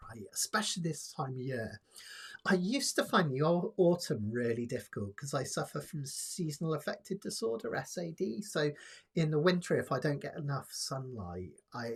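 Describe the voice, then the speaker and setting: A man hosting a live ukulele jam, chatting in a relaxed, rambling way with lots of fillers. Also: mid-range voice, husky. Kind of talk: casual live-stream teaching chat. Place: home, live stream. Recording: loud ukulele playing behind.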